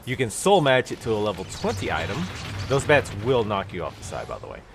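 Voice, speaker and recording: A man's voice: fairly low pitch, wildly swooping pitch, brisk, vocal fry, over music. Stuffy-nosed guy streaming a game. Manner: rambling, explanatory, with many fillers. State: stuffy nose. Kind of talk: casual let's-play commentary.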